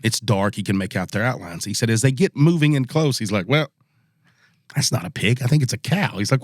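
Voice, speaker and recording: Speaking briskly in a mid-range voice, this man spins a spooky hunting tale on his podcast with the easy manner of a Southern storyteller. He acts out quotes by taking on the voices of the people involved. The sound is clean studio quality with no room sound.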